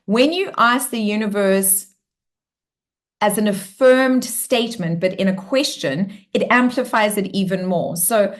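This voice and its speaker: A woman's voice: medium pitch, a little slow. A woman hosting a live online coaching session in an upbeat, bubbly way, acting out cheerful affirmations as she talks. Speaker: workshop host.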